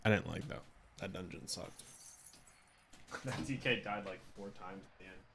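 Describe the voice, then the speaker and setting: A man's voice: deep voice, normal speed, background noise. A male streamer chatting casually while gaming, laid-back and swearing, laughing now and then. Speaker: streamer playing a video game. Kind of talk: casual chat.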